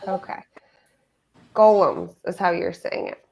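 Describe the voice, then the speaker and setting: Female livestream host, playful and chatty, slight vocal fry. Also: fairly low pitch, unhurried, darkish tone, slight background noise. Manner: chatty, laughs often, playful. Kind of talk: casual livestream chat.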